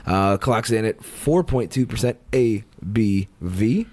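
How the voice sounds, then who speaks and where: A man hosting a beer podcast, giving details in a measured, matter-of-fact way. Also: on the low side, expressive, a little mellow. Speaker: podcast host. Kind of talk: casual chat.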